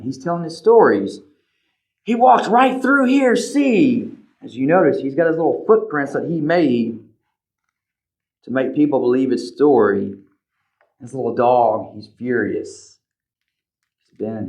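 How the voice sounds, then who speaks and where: A man reading a picture book aloud to children as a librarian, animated, pointing out the pictures and asking questions. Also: medium pitch. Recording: slightly dull lo-fi recording.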